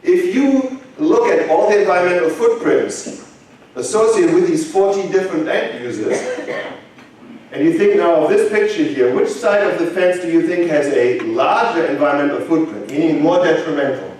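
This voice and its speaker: A man with a German accent lectures a conference crowd, tossing questions to the audience and slipping in dry jokes. His voice sits a touch high and rings through a big, very echoey hall, heard from a little way off the mic. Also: expressive, normal speed, a little mellow, recorded from a distance. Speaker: conference speaker.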